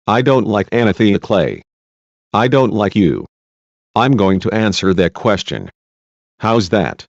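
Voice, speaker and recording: An agitated, worn-out female witness, read by a man in his own low voice, snapping back and defiant. The recording is dull and lo-fi with a dry close sound. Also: lively intonation, unhurried, no room sound. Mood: exasperated.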